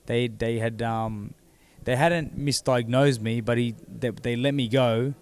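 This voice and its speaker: A man, seated as an interview guest, telling his own story in a halting way that repeats words as he goes. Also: mid-range voice, steady tone, smooth. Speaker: interview guest, former boxing champion. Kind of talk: candid personal storytelling.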